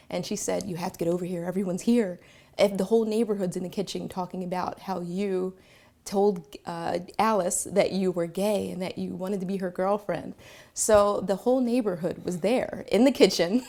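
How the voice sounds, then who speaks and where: A woman telling a personal story to camera, reflective, pausing often on fillers. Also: medium pitch, gravelly, a little mellow. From Philadelphia, Pennsylvania. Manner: reflective, with frequent filler pauses.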